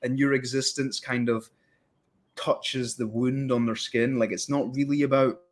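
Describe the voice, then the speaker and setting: Male podcast host, mid pitch, rambling and fired-up, acts out quotes. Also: fairly even intonation, a little slow. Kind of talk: casual interview chat.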